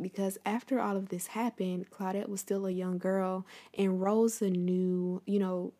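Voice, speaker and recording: Her voice sits on the low side and sounds mellow. As the host of a history story, she addresses listeners in a relaxed, conversational way, then moves on to reading a book excerpt aloud.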